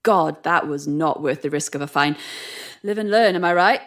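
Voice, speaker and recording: An actress playing a sarcastic, sharp-tongued young woman who swears often and stays defiant while frightened. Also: low voice, normal speed, lightly acted. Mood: wry. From Wales. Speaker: traveler at a strange customs desk. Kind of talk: audio drama acting.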